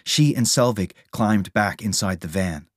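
A man reading a storybook aloud as narrator, steady and measured. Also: on the low side, no echo, studio quality.

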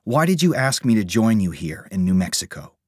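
A man voicing a calm, questioning older male scientist. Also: lowish voice, fairly quick, breathy edge, no echo, clean studio sound. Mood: curious.

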